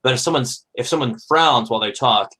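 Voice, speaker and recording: Man, mid-pitch, easygoing panel guest, chatty with fillers and restarts. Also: brisk, sharp tone, breathy edge, low-quality recording. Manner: conversational, frequent fillers and restarts. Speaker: podcast host, guest panelist. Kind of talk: casual panel discussion.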